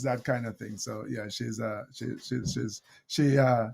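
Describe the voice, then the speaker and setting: Middle-aged Jamaican-accented man, gravelly, animated storyteller; interview guest. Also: medium pitch, moderate pace, hardly any pauses. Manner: animated storyteller, laughs often, acts out quotes. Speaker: guest, motivational speaker.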